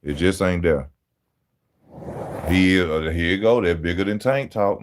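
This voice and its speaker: A man talking casually on a live stream, animated and slangy, laughing often as he answers chat about boxing. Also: low-pitched, unhurried, pauses often. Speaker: boxing channel host reading live chat.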